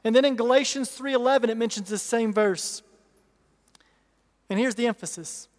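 This pastor's voice is strikingly high and rings through the long echo of a big church hall as he preaches with emphasis at a normal speed. He keeps returning to key phrases and putting rhetorical questions to his listeners.

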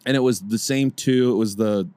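A man co-hosting a podcast, chatting casually and telling loud, playful bar stories. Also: fairly low pitch, normal speed, clean tone. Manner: loud, playful storyteller acting out bar encounters. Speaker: podcast co-host. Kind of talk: casual chat.

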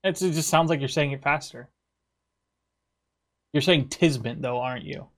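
A man's voice: on the high side, moderate pace. A young man with an American accent talks in a slightly raised register. He teases his friend and swears freely in loose, casual banter, and he comes through an online voice-chat mic.

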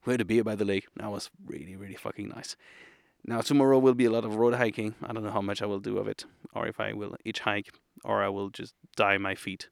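A man's voice: on the low side, quick pace, vocal fry, dry recording, clean studio sound. French man vlogging from a tent. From France. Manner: rambling, self-mocking, animated storytelling. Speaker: vlogger hiking a long-distance trail. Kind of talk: casual tent vlog. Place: inside a small tent.

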